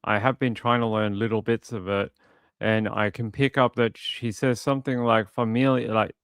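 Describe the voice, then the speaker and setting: A man casually commenting on a crime video, with animated, mocking retellings of what people said. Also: fairly low pitch, moderate pace, clean tone, no room sound.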